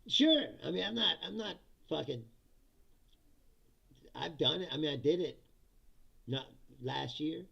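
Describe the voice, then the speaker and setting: Middle-aged male streamer, high bright gravelly voice, profane and jokey, slightly dull lo-fi audio. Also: lively intonation, slow pace, long pauses. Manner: laughs often, profane, reads chat comments aloud and answers. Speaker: livestream host reading chat. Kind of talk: casual ranting political comedy stream.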